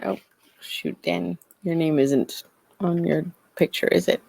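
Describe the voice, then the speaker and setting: A woman with a lowish voice plays in an online tabletop game. She thoughtfully talks through what her character does, with hesitations. Her sound is dry and close. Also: slow, gravelly, a little mellow, dry recording. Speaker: player. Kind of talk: tabletop role-play chat.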